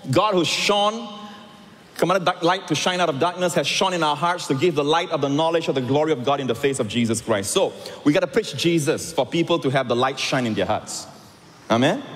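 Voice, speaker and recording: A man preaching a sermon as pastor, animated with rising emphatic lines. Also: a little high. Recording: long hall reverb.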